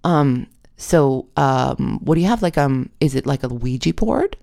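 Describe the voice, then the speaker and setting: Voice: mid-range voice, expressive, a little slow, creaky, mellow, dry recording, clean studio sound. A storyteller voicing a nervous young woman who stumbles through fillers and restarts. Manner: nervous, hesitant, full of fillers.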